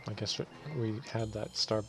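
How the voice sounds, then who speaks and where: A man's voice: lowish voice, normal speed, music in the background. A man giving casual, rambling commentary over a video game, often correcting himself as he goes. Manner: relaxed, rambling, self-correcting. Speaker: let's play host.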